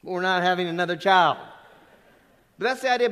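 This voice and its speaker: A man's voice: high voice, a little fast, fairly bright tone. A middle-aged man preaching a sermon in a church, conversational with sudden emphatic stresses on key words. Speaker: pastor. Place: church sanctuary. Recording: long reverb of a church hall.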